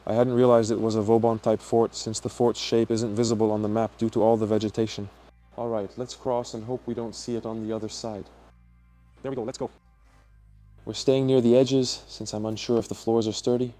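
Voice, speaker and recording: A man narrating an exploration vlog as he guides viewers around, talking in an excitable, exclamatory way. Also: on the low side, fairly quick, soft background music. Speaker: urban explorer vlogger.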